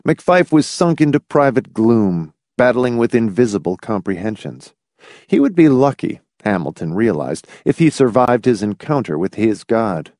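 An audiobook narrator with a mid-range voice reads a novel from a script at normal speed, delivering it with expressive, dramatic storytelling. The recording is dry and of studio quality.

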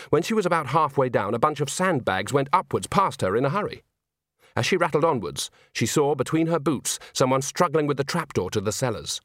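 A man narrating an audiobook in an expressive, comic storytelling manner. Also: medium pitch, no room sound, clean studio sound. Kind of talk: scripted narration.

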